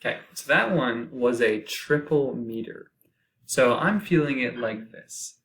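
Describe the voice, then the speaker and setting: A man's voice: medium pitch, measured pace, rough recording. A man teaching a recorded music lesson, explaining patiently and counting beats aloud. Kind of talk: recorded lecture.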